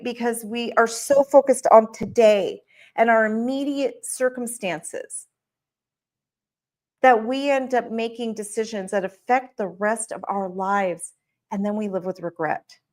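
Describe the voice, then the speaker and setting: A middle-aged woman hosting a coaching podcast, talking candidly about her own life and often asking "right?". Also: mid-range voice. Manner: candid and personal, often adds a questioning "right?". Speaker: podcast host and business coach. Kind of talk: motivational podcast talk.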